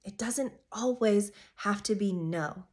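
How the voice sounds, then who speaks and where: A woman astrologer giving a casual weekly forecast, talking straight to her viewers with emphatic, animated delivery that sometimes drops to a soft hush. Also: medium pitch, slow.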